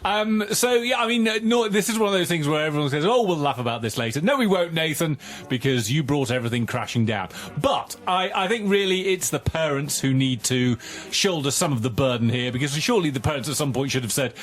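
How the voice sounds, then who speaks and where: A man's voice: on the high side, lively intonation, fairly quick. Man giving jokey mock-serious verdicts. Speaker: radio show co-host. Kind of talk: radio chat.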